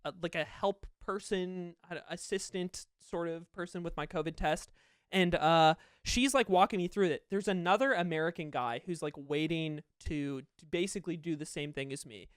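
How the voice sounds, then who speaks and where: Young male podcast co-host, mid-pitched, excitable halting delivery, dry close mic. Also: smooth, no echo. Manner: animated, halting storytelling with many fillers. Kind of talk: casual chat.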